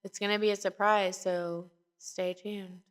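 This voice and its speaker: A woman's voice: mid-range voice, flat delivery, measured pace. A woman co-hosting a podcast, chatting casually and retelling stories with lots of fillers and restarts. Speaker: podcast co-host. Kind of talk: casual chat.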